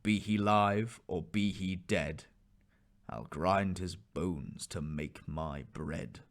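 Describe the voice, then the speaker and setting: A man voicing a huge, menacing ogre in a storybook reading, growling his lines slowly. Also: low-pitched, pitched below the performer's own voice.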